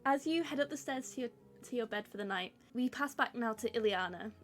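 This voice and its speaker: A woman running a tabletop game as game master, narrating scenes in a relaxed, casual way. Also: a little high, fairly quick.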